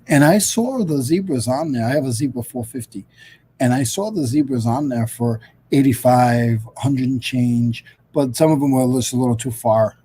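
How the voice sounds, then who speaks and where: Mellow rambling man hosting a livestream. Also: mid-range voice, breathy edge, low-quality recording. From Rhode Island. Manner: rambling, many fillers and restarts. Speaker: host. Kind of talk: casual livestream chat. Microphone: video call.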